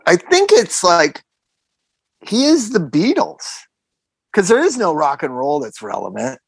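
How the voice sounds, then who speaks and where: Animated, emphatic male podcast host. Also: high-pitched, unhurried, vocal fry, slightly rough, no room sound. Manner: animated, emphatic, repeats phrases for effect. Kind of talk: casual podcast chat.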